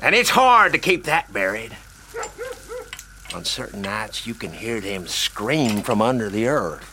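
A superstitious backwoods storyteller in an audio drama, drawling slow speech. His pitch rises and falls widely. The tone is bright, with faint noise under it. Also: sing-song. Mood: ominous. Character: superstitious old-timer Hiram, spooky tale-teller.

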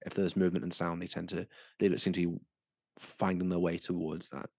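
Brief: low, gravelly man, steady game master narration, close and dry sound. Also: no room sound. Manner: measured, descriptive narration.

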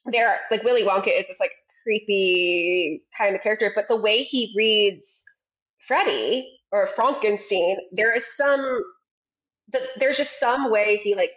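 Woman, mid pitch, muffled lo-fi mic; musing co-host, halting delivery. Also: fairly bright tone. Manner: musing, searches for words with many fillers. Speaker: podcast co-host. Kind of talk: casual podcast chat. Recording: dull lo-fi mic.

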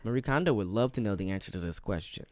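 A man's voice: on the low side, animated, fast talker, dry recording. A man hosting a casual podcast interview, playful and chatty, talking to his listeners. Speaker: podcast host.

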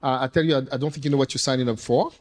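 A man, an entrepreneur, speaking casually to an audience, telling animated, rambling stories with playful swearing. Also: medium pitch, racing. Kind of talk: casual storytelling talk. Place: event room with audience.

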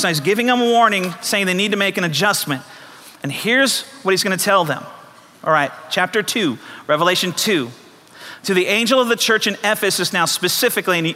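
Preacher guy, high bright voice, keeps asking the same question louder, big reverby church hall. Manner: rhetorical repeated questions, rising to emphatic peaks. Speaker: pastor. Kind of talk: sermon.

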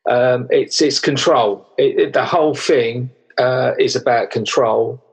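Husky older man, halting speech. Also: medium pitch, steady tone, low-quality recording. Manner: halting, with many restarts and fillers, earnest. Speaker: interviewer. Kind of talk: interview conversation.

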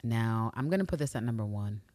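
A woman co-hosting a podcast, retelling scenes in an animated, profane way and acting out the characters' lines. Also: rumbling low, fairly quick, no room sound. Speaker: podcast co-host. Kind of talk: casual recap chat.

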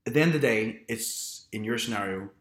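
A man's voice: fairly low pitch, brisk, fairly bright tone. A man in casual conversation, giving advice about work and telling his own office story. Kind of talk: casual chat. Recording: roomy echo.

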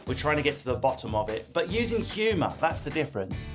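A man with an Essex accent hosts a comedic chat show, full of quick banter and teasing. Music sits faintly under his voice. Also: on the high side, big pitch swings. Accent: Essex English. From Essex, England. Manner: quick, jokey banter with playful put-on voices. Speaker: podcast host.

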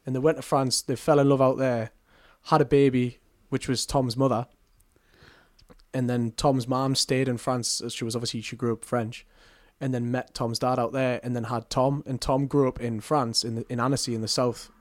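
A young man in his twenties talks in a relaxed, chatty way as a musician guest. His pitch sits in the middle range, and he is self-deprecating and quick to laugh between thoughts. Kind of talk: casual chat.

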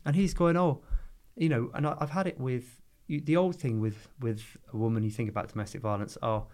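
A man's voice: medium pitch, darkish tone. A man, a divorce lawyer talking earnestly in a podcast conversation, often restarting his sentences. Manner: earnest, halting with frequent restarts.

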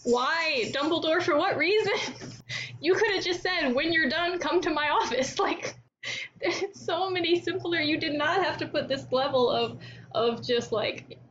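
A woman's voice: sits high, unhurried, a bit bright, dull audio, slight background noise. A woman guest on a podcast, ranting animatedly and in exasperation with lots of fillers. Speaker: guest author. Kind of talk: casual podcast chat.

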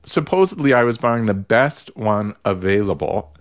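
A man's voice: fairly low pitch, lively intonation, normal speed. A man, a therapist guest in a casual radio chat, telling an exasperated story full of restarts.

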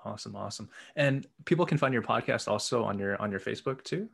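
A man's voice: on the low side, animated, fast talker, creaky, fairly bright tone. A man hosting a podcast, casual and encouraging as he wraps up with his guests. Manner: upbeat, encouraging. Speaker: podcast host. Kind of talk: casual chat.

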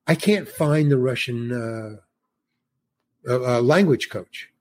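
Slow and darkish in tone, with a medium pitch, an 80-something New York man tells a meandering anecdote as a podcast guest, acting out each bit of dialogue as he goes.

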